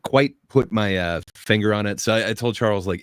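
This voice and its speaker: A man's voice: lowish voice, fairly quick, clean tone, dry recording, clean studio sound. A man co-hosting a casual film chat, hesitant and searching for words. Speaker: podcast co-host.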